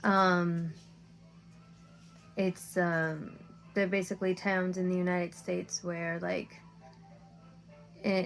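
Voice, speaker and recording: Weary woman with a gravelly, flat voice. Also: fairly low pitch. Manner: weary, frustrated, swearing often. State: tired, near tears. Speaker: content creator. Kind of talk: emotional rant to camera.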